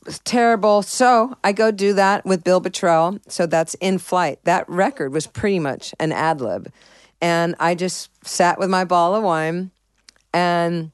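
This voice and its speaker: In a clean studio recording with no room sound, a middle-aged woman speaks in a low voice. She's a musician guest telling candid interview stories, rambling and swearing, constantly restarting and filling gaps.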